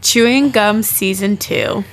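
A young woman co-hosting a casual chat podcast, giggly, excitedly retelling conversations. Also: medium pitch, slow, heavy background noise. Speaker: podcast co-host.

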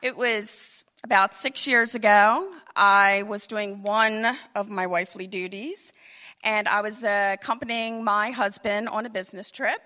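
A woman in her fifties telling a comic personal story with animated, vivid asides. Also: mid-range voice, a little slow.

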